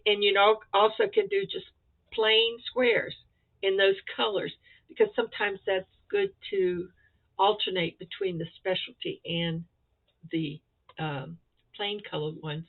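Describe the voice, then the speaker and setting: A woman chatting casually and excitedly as she shows off crochet squares for a vlog. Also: lowish voice. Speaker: crochet vlogger. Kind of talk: casual show-and-tell chat. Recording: tinny phone-like sound.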